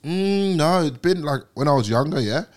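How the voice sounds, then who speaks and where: A man's voice: on the high side, expressive, moderate pace. A young man from England, a podcast guest, telling a story in casual chat, swearing a lot and acting out quotes.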